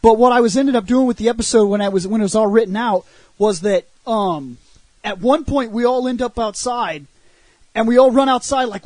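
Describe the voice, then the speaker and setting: A man hosting a casual podcast chat, telling stories with energy, swearing and acting out shouted lines. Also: very high-pitched, brisk, no echo. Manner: animated storyteller, shouts acted-out lines, laughs and swears. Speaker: show host.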